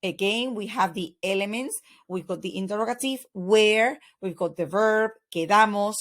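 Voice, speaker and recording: A woman's voice: medium pitch, moderate pace, fairly bright tone. A woman explains Spanish word order to learners in English. She speaks patiently and methodically, with a mid-range voice and frequent hesitations as she walks through each example. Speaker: Spanish teacher. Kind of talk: explaining grammar lesson.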